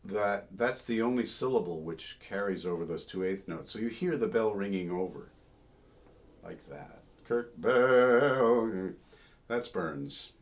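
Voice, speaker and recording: Low male voice, older folk singer and scholar, informal talk with sung fragments, thoughtful and meandering. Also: moderate pace, few pauses, a little mellow. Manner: thoughtful, digressive, sings short phrases to illustrate. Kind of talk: informal spoken commentary on a song.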